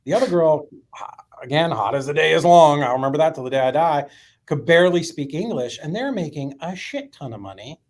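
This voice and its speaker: A man telling a story as a podcast guest, animated and profane, with many fillers. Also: on the high side, fairly quick.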